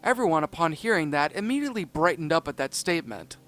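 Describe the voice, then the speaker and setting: A man narrating a fan-written cartoon story, animated and prone to small slips and restarts. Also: on the high side, a little fast, few pauses, faint music behind.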